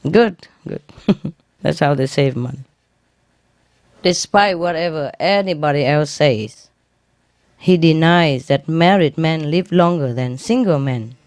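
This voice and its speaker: Woman teacher, jokester, explains her own punchlines, slow delivery. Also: low-pitched, a little mellow, no room sound, studio quality. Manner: laughs at her own jokes, simple non-native English grammar; explains the punchlines after telling them. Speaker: spiritual teacher. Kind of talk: telling jokes to an audience.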